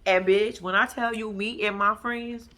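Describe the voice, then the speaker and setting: A woman with a medium-pitched voice talks a little slowly over slight background noise. Hosting a laid-back vlog, she recaps a TV episode, cursing freely, laughing, and addressing her viewers directly as "y'all" in animated storytelling commentary.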